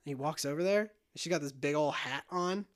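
A man casually retelling a film scene by scene, animated and jokey. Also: a little high. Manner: animated retelling, quick shifts into character voices and quotes. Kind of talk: casual movie recap chat.

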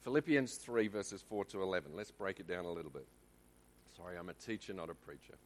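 A man's voice: low voice, brisk, a little hiss or hum. An Australian man giving a conversational Bible teaching in church, often checking in with the congregation. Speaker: lay preacher.

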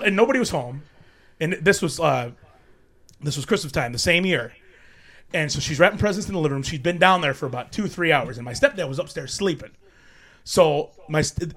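A man telling a ghost story casually, animated and profane, often laughing. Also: on the high side. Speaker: storyteller guest.

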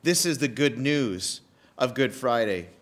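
A man preaching a sermon, emphatic and animated, repeating key phrases with pauses. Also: medium pitch. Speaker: pastor.

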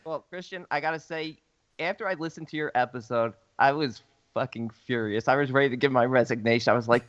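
A man chatting on a podcast who jokes at his own expense, then turns earnest. His mid-pitched voice comes through slightly dull, muffled audio. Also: brisk, fairly bright tone. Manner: self-mocking humor, earnest. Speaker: podcast co-host. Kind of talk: casual chat.

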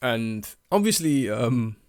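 A man's voice: mid-range voice, very animated, takes it slowly, darkish tone, dry recording, studio quality. A man with a South African accent co-hosting a casual film podcast, swearing freely and laughing often. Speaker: podcast co-host. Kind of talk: casual film-review chat.

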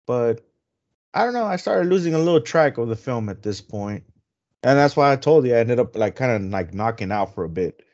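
A man co-hosting a casual podcast, animated and laughing often, retelling scenes with lots of swearing in a dull lo-fi recording. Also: mid-range voice, fairly quick. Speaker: podcast co-host. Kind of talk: casual film chat. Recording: dull lo-fi sound.

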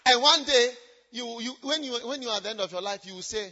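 A man preaching a sermon in a church, shouting out points and then dropping low. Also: fast, dull audio. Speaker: pastor.

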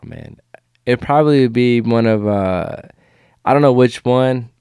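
A man's voice: medium pitch, moderate pace, darkish tone, clean tone, no room sound, clean studio sound. A man chatting casually as a podcast guest, laid-back and profane, with lots of fillers and restarts. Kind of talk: casual chat.

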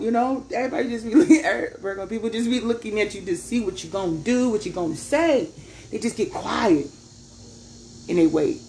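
A woman's voice: mid-range voice, a little fast, a little mellow, slight background noise. Laughing, chatty woman reading tarot. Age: adult parent. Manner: chatty, laughing often, slangy asides. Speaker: tarot reader.

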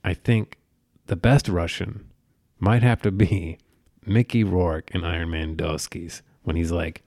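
A man co-hosting a podcast in casual chat, rambling from topic to topic and dropping into quick impressions. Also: deep voice, steady tone, a little mellow, dry recording, studio quality. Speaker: podcast co-host.

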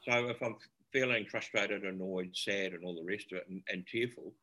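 Reflective New man, bright-edged voice. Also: on the low side, normal speed. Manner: reflective, searching for words. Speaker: podcast guest, former paramedic. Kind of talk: casual podcast conversation.

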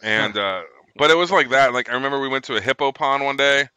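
गालियों भरी बातें करता आदमी. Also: male voice, medium pitch, quick pace, bright, forceful tone, smooth, no echo, rough recording. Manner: rambling, profane storyteller. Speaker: military veteran guest. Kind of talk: casual chat.

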